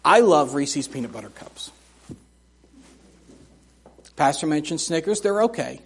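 A middle-aged man preaching a sermon in a church, telling folksy, humorous stories in an animated way. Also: on the high side, measured pace, gravelly, slight background noise. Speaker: missionary preacher. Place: church sanctuary.

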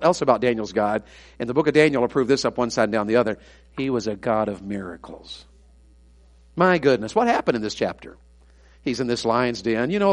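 Shifting between hushed, confiding stories and loud, emphatic delivery, a male pastor preaches his sermon at a medium pitch.

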